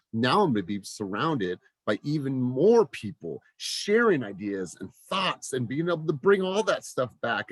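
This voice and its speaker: A man in his forties coaches his real estate team with upbeat, restless energy. His voice sits at an ordinary middle pitch, and he repeats phrases as he pushes his points. The sound is close and dry, with no room around it. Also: no echo. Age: 40s. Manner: energetic, repeats words and restarts often. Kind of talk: motivational coaching talk.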